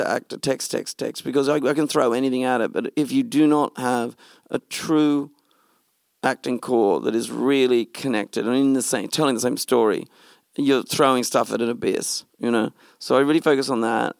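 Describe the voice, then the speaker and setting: A middle-aged man, a film director telling a lively story in an interview and acting out what others said. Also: mid-range voice, normal speed, gravelly, no room sound, clean studio sound. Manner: animated storytelling, acts out quoted speech. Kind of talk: interview conversation.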